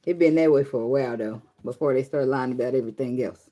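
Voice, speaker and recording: A woman giving a casual tarot reading, joking and swearing freely and singing along softly between cards. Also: extremely low pitch, fast. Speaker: tarot reader.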